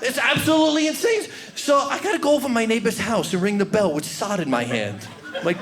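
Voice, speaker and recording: A male comedian works a stage through a handheld mic. His voice sits high and swings widely, and he talks in an animated way, shouting some lines for effect. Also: brisk, crowd noise. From New York. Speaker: stand-up comedian. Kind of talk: stand-up comedy routine.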